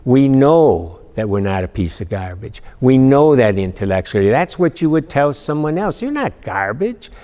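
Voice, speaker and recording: A man's voice: medium pitch, lively intonation, normal speed, hardly any pauses, warm tone, in a large hall. A man teaching an emotional resilience class, talking earnestly and asking the class questions as he reads a story aloud. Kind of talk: classroom lecture reading aloud.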